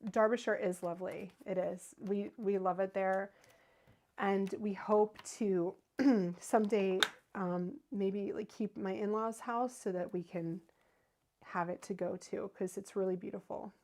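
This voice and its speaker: A woman's voice: mid-range voice, steady tone, unhurried, darkish tone. A woman in her thirties hosting a card-making livestream, chatting casually and answering viewer comments as she works. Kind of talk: casual crafting demo with viewer chat.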